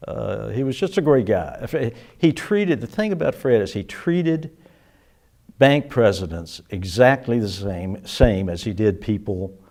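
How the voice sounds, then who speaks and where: A man's voice: on the low side, lively intonation, unhurried, darkish tone. An older man, a musician, reminiscing in a casual interview, rambling with many restarts and chuckles.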